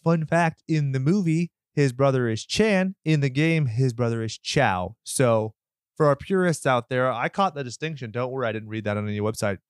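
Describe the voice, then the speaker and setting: A man's voice: medium pitch, moderate pace, clear, resonant tone, no echo, clean studio sound. A man co-hosting a horror movie podcast, talking in a sarcastic, joking way and swearing freely. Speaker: podcast co-host. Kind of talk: casual movie review banter.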